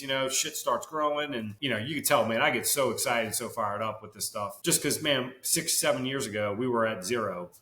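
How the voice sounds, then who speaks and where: A man guesting on a podcast, telling his business story in a casual, excitable way with salty slang and lots of fillers. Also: medium pitch. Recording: roomy echo.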